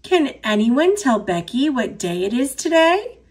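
A woman voicing a kind, patient schoolteacher who sounds gentle and encouraging in a picture book read-aloud. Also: high voice, sing-song, a little slow, slightly rough, heavily acted.

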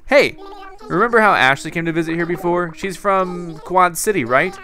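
A bubbly, gossipy female cat villager from a video game, as a man puts her on. The voice is pushed high and lively, and it chatters brightly about the neighbors. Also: normal speed, soft background music.

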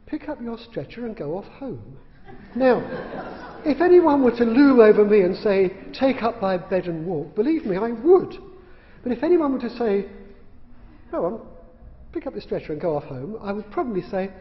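Male lecturer, high voice, dry wit, echoey hall and dull lo-fi sound. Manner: dry humorous anecdotes. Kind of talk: public lecture.

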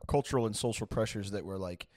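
Male comedy podcast co-host, eager hype-man energy, low voice, dry booth sound. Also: fast talker, a little mellow, dry recording. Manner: eager, goading, riffing along with laughs. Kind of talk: satirical comedy chat.

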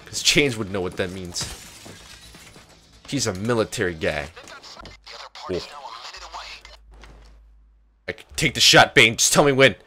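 A man's voice: lowish voice, lively intonation, measured pace, long pauses, bright, forceful tone. A young man streaming a video game, joking and swearing as he riffs on it, with game music behind him. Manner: joking, swearing, riffing on the game in silly quoted voices. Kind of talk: gameplay commentary.

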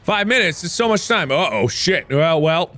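A man giving let's play commentary, joking around and bursting into shouts while he plays. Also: fairly high pitch, normal speed. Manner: excitable, jokey, prone to shouting outbursts.

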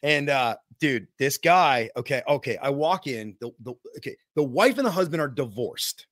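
A man hosting a podcast, telling work stories in a slangy, animated way and repeating himself as he goes. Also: mid-range voice, moderate pace, no echo, studio quality. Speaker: podcast host in the HVAC trade. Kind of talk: casual podcast chat.

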